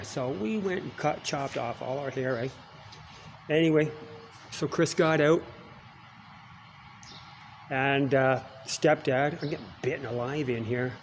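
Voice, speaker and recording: A man's voice: mid-range voice, measured pace, pauses often, slight background noise. Folksy Canadian man spinning yarns. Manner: folksy, chuckling, peppered with "eh". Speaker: vlogger. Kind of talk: rambling personal storytelling.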